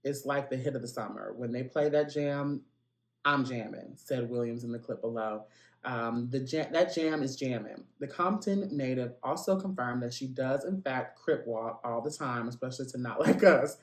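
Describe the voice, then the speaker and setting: A man's voice: mid-range voice, moderate pace, echoey room. A man hosting a celebrity gossip podcast, chatty and playful, with lots of asides and direct calls to his listeners. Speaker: podcast host.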